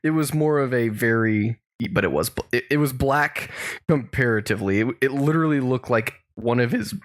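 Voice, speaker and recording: A man's voice: mid-range voice, moderate pace. Podcast guy rambling thru a story, lots of so and um, average voice. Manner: rambling, many restarts and "so", chuckling. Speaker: podcast co-host. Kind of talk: casual storytelling chat.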